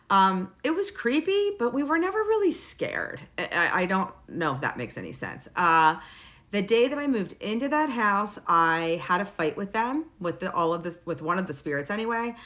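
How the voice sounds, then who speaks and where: A middle-aged woman with a fairly low voice casually tells a personal story, blunt and lively, with the occasional swear word.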